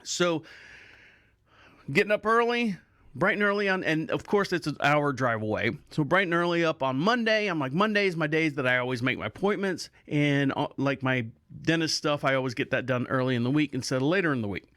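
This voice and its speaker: A man's voice: a little high, a little fast, dry recording, clean studio sound. A middle-aged man hosting a podcast, telling a casual story and acting out the voices of the people in it. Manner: animated, acts out voices of others in quotes. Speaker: podcast host.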